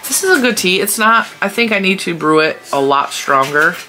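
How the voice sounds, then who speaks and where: A woman's voice: lowish voice, animated, brisk, background noise. A woman vlogging casually at her desk, chatty and rambling with frequent laughs, sounding stuffy from allergies. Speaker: crochet channel vlogger. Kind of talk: casual chat vlog.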